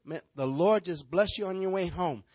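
A male pastor voicing a kindly church elder who gives a gentle, warm blessing. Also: high voice, moderate pace, no echo.

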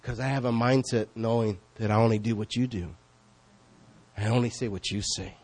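A man preaching a sermon as pastor, conversational and questioning, swinging between loud calls and hushed asides. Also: lowish voice, fairly even intonation, normal speed. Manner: conversational, asks the congregation questions.

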